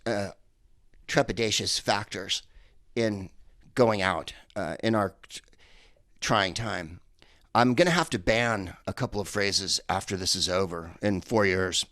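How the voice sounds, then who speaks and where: A man's voice: lowish voice, no room sound, studio quality. Rambling man doing stand-up from home. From San Francisco. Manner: rambling, digressive delivery with many fillers. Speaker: stand-up comedian. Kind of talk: stand-up set over a video call. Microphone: earpiece headset.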